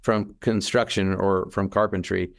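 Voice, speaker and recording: A man's voice: low voice, a little slow, vocal fry. A man co-hosting a podcast, talking in a casual, reflective, earnest way, with frequent restarts. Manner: earnest, animated, with restarts and acted-out quotes. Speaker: podcast co-host.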